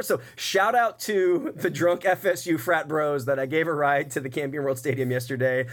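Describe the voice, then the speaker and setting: A man hosting a casual radio chat show, telling stories in a lively way and acting out other people's voices. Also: a little high, normal speed, few pauses. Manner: animated storyteller, acts out other voices. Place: radio studio.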